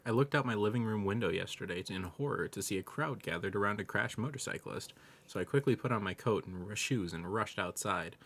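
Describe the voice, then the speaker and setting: A man narrating a run of jokes with a dry, even delivery of setups and punchlines. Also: lowish voice, brisk. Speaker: joke narrator. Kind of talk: scripted joke telling.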